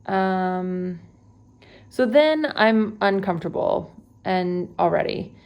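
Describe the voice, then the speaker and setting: A woman's voice: mid-range voice, expressive, slow pace, a little mellow, clear, resonant tone. A young woman from Texas, a travel vlogger, retelling an unsettling trip in a casual, conversational way with many fillers and self-corrections. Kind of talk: unedited personal retelling. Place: at home.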